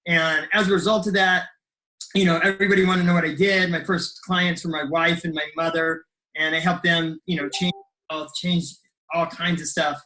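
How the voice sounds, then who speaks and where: A middle-aged man speaks in a raised, bright voice with an eager, rambling delivery full of fillers and restarts. He gives a motivational talk on a group call, and his tone stays buoyant and sharp-edged throughout. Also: a little high, flat delivery, moderate pace, low-quality recording. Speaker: health coach sharing his story.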